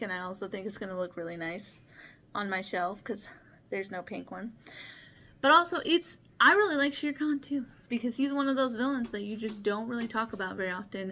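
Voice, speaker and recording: With a mid-range, fairly bright voice, this board game channel host chats to camera about the games she's showing. She is earnest and chatty, laughs a lot, and talks with a lisp, a slight stutter, and frequent restarts.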